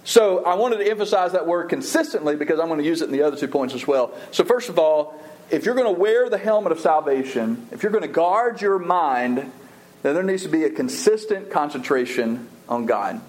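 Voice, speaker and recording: A middle-aged man preaches in a church sanctuary, earnest and conversational, tripping over his words as he goes. His voice sits a little high for a man. The room adds a noticeable echo. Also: expressive, fairly quick, darkish tone. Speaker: pastor. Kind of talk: sermon.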